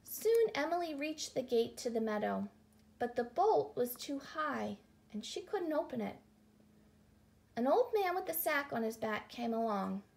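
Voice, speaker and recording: A woman calmly reading a children's picture book aloud. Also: high voice, measured pace, creaky. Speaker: storyteller.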